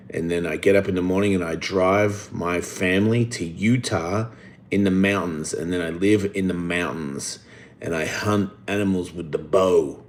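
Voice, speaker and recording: Hosting a laid-back live stream, a low-voiced middle-aged man responds to his chat in a rambling, blunt way, with plenty of swearing.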